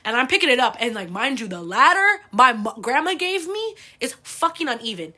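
Brief: young woman podcast host, bright forceful voice, a bit high, animated and profane storyteller. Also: brisk. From United States. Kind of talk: casual storytelling.

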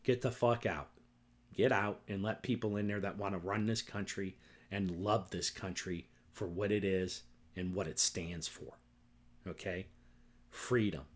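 A man's voice: deep voice, steady tone, unhurried. A middle-aged man hosting a solo podcast, ranting angrily and with lots of profanity, often tagging his points with "right?" and "okay?". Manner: repetitive, keeps asking "right?" and "okay?". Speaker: podcast host.

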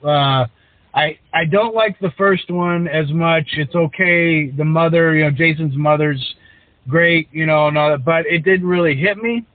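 Rambling man, slightly high, tinny. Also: measured pace, dry recording. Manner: rambling, many likes and restarts. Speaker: podcast co-host. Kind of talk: casual chat. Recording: dry, tinny phone-like sound.

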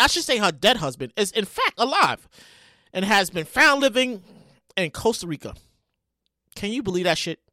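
Male podcast host: high, lively voice, rambling and profane, close and dry. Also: no room sound. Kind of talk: casual solo commentary.

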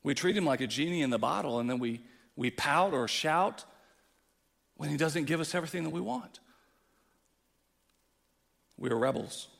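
Guy preaching a sermon, fairly high voice, big church reverb, gets loud then soft. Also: expressive, moderate pace, gravelly, pauses often. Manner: impassioned preaching, swings from quiet to loud. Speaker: pastor. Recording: long hall reverb.

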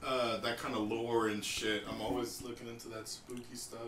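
A man's voice: mid-range voice, normal speed, a little hiss or hum. A young man co-hosting a casual podcast, telling stories and laughing with friends. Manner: storytelling, laughing, animated retelling. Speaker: podcast co-host. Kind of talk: casual chat.

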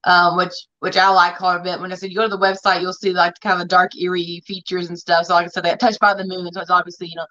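A woman with a Southern accent, co-hosting a radio show in casual, fast chat and laughing often. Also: on the low side, little pitch movement, sharp tone, dull audio.

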